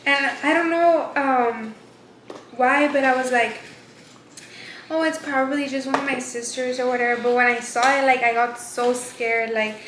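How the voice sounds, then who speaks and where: Young female co-host, high voice, halting casual storyteller, echoey noisy room. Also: fairly even intonation, a bit bright. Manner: halting, many fillers and restarts. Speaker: vlog co-host. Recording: echoey room with clear background noise.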